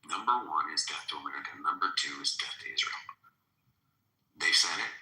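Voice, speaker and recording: Male podcast host, extremely deep and bright-toned, earnest and emphatic. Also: fairly quick, echoey room, poor audio. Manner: earnest, building to alarmed emphasis. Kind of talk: casual political talk.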